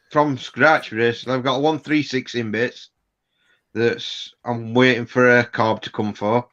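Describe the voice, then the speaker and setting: A man with a Sheffield accent, chatting unhurriedly and haltingly on a live stream over a video call. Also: mid-range voice, fairly bright tone, lo-fi sound. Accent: Sheffield English. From England. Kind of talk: casual chat on a live stream.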